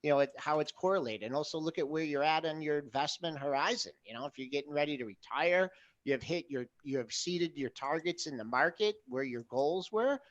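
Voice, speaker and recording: A man's voice: a little high, fairly quick, highs cut off. A middle-aged man co-hosting a live trading talk show, giving emphatic, practical advice. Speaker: co-host.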